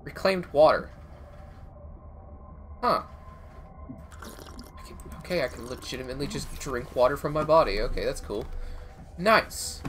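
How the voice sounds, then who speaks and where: A man giving chatty let's play commentary, talking to himself as he plays, with quick exclamations and bursts of laughter. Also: mid-range voice, expressive, a bit bright, a little hiss or hum. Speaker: gaming streamer.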